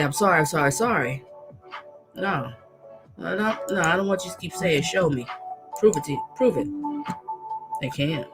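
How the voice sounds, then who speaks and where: A woman hosting a casual livestream, talking emphatically, repeating herself and reading out viewer comments. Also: fairly low pitch. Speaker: livestream host and coach.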